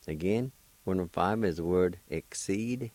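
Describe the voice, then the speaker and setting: A man with a very low voice teaches vocabulary on the radio. He takes his time, spelling and repeating each word with patient care. The sound is close and dry, as in a small studio. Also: a little slow, no room sound, rough recording. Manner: gently encouraging to beginners. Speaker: radio host teaching a language. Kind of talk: radio language lesson.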